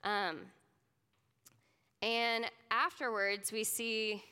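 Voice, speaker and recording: A young woman teaching a class in a loose, chatty way, filling her sentences with "like." Her voice is bright and crisp, and it rings with the long reverb of a hall. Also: on the high side, fairly even intonation, drawn-out words. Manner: earnest, chatty, many "like" fillers. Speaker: speaker teaching a youth ministry class. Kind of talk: casual class talk.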